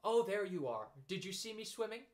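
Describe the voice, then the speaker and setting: A man voicing an excited small boy kangaroo, squeaky and eager. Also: fairly quick.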